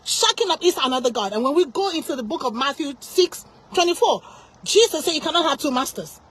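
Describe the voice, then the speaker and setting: A woman with a high voice speaks straight to her viewers about faith. She is fired up and emphatic, preaching hard and often restarting her sentences. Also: lively intonation, brisk, a bit bright, poor audio. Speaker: Christian channel host. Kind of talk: passionate faith talk to camera.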